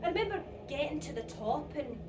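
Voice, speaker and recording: A woman playing a stubborn, sharp-tongued Scottish patient in a hospital, speaking with a Scottish accent and quick, blunt retorts. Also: high-pitched, lively intonation, over loud music. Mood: wistful. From Scotland. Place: theatre stage. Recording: echoey stage audio from far off.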